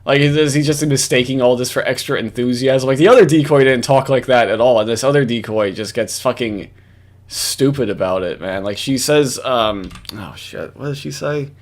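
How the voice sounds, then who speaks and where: Male reaction commentator, loose and rambling, curses freely, mid-pitched voice. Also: moderate pace. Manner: rambling, swearing, laughing often, many fillers.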